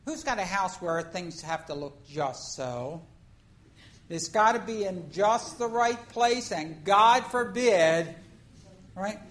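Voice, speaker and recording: A woman preacher giving a conversational sermon, telling a story in an animated way and acting out the scenes. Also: medium pitch, rough recording.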